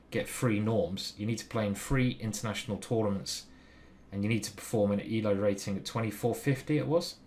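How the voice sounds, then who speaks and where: A man's voice: fairly low pitch, slight background noise. A man streaming his own chess game, chatting and telling a story while he calls out his moves. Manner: chatty, breaks off mid-story to call moves. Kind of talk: live game commentary.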